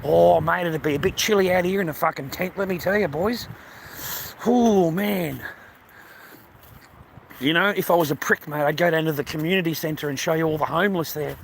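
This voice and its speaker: A man talks straight into his phone as he walks outdoors along a beach. His voice sits a little high, and he is blunt and swears freely, calling his viewers mate and bro. Faint outdoor noise runs underneath. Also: quick pace, vocal fry, hardly any pauses. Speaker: vlogger. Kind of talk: casual walking vlog monologue.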